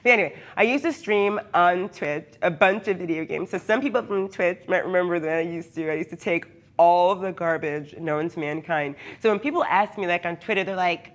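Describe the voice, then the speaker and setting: A woman's voice: fairly low pitch, normal speed. A hyper, chatty woman who often laughs, talking casually with her live viewers from her workshop. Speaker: cosplayer streaming live. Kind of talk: casual livestream chat with viewers.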